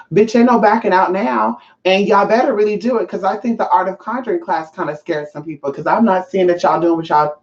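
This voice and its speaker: A woman's voice: mid-range voice, a little mellow, muffled recording. A woman hosting a livestream from home as a spiritual teacher. She talks in a casual, sassy and emphatic way and swears freely.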